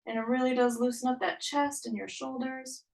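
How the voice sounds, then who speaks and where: A woman's voice: sits high, fairly even intonation, normal speed, gravelly. Upbeat woman coaching a workout, distant mic. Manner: upbeat, encouraging, counts down intervals. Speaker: fitness instructor. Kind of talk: live online workout instruction.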